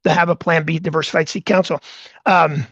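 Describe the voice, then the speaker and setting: A man's voice: a little high, fairly even intonation, a little fast, fairly bright tone, husky, dry recording, highs cut off. A man hosting a podcast, telling a story in a rambling, casual way with many restarts. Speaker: podcast host.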